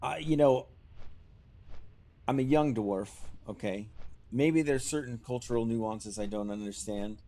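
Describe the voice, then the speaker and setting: Unhurried and mellow, this mid-range male voice belongs to a streamer chatting casually with his audience during a game. He wears headphones at a desk mic and keeps things self-deprecating and full of laughter.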